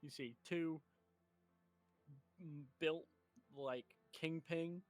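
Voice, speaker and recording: A man's voice: on the high side, steady tone, very slow, faint music behind. Jokey game master man. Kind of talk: narrating a tabletop game.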